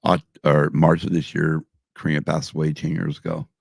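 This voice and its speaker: A man's voice: very deep voice, little pitch movement, normal speed, gravelly, darkish tone, breathy edge, no room sound, studio quality. A middle-aged man hosting a podcast live stream, rambling and swearing constantly while drinking. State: drinking, tipsy. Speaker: podcast host. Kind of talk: casual live-stream chat.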